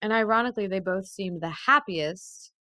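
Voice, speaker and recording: A woman's voice: mid-range voice, normal speed, pushed and bright, no room sound. A woman co-hosting a podcast in casual chat, candid, swearing freely and laughing often. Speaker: podcast co-host.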